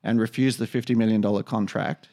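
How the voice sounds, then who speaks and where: A man's voice: on the low side, steady tone, fast talker, warm tone. A man co-hosting a podcast, talking in a rambling casual way with many restarts and fillers. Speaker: podcast co-host. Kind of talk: casual conversation.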